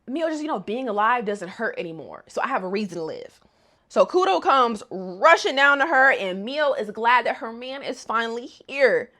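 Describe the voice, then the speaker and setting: A woman talks through an anime episode in a loose, slangy vlog voice, throwing sassy jabs at the characters. Her voice sits a little high and swings all over with lively expression. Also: moderate pace. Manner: animated, sassy, roasting the characters. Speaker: anime recap vlogger. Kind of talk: casual slangy episode recap.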